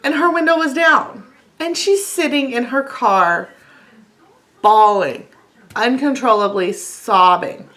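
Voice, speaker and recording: A woman's voice: medium pitch, fairly bright tone. A woman in her thirties hosting a casual devotional talk, telling a personal story earnestly and reading scripture aloud. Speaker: channel host.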